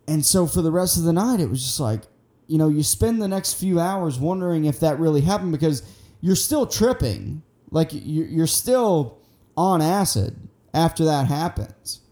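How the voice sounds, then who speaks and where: Rambling, profane young man with a dark voice. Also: fairly high pitch, unhurried. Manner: rambling, profane, excitable, acts out quotes. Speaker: storyteller. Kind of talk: casual storytelling.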